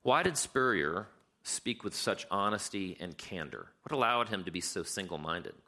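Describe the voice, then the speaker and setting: A middle-aged man preaching a sermon in a conversational way, lively when he tells stories. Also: low voice, moderate pace. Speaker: pastor.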